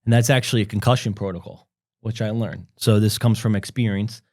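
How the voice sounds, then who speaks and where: A man's voice: fairly low pitch, steady tone, fairly quick, darkish tone, no room sound, clean studio sound. A young man co-hosting a podcast, telling a long story casually, full of "like" and acted-out quotes. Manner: rambling, filler-heavy, acts out quotes. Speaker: podcast co-host.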